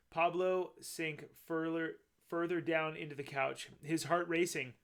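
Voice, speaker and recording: A man's voice: on the high side, level tone, measured pace, hardly any pauses, fairly bright tone. A man reading a picture book aloud, chatting about the details in each picture as he goes. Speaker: storybook reader.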